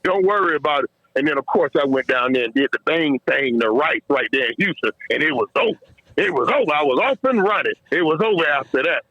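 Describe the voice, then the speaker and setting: Excited storyteller man, muffled dry sound. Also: mid-range voice, quick pace, no room sound. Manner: animated, repeats and restarts words, laughs while telling stories. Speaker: guest, former football player. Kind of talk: emotional storytelling in a podcast interview.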